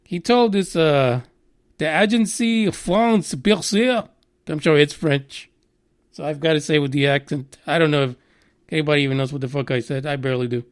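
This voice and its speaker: A man's voice: a little high, steady tone, fairly quick, clear, resonant tone. A man hosting a podcast, ranting sarcastically with blunt, profane commentary on the news. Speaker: podcast host.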